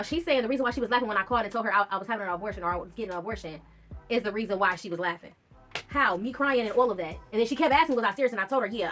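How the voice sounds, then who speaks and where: Blunt, profane woman vlogger, high voice. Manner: blunt, profane, talks straight to viewers; animated, indignant retelling. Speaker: YouTube vlogger. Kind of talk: casual storytime vlog.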